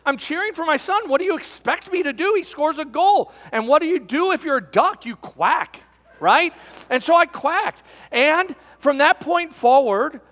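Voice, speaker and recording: A man's voice: extremely high pitch, pushed and bright, long reverb tail. A middle-aged man pastor preaching a sermon, telling a folksy personal story and calling his listeners friends.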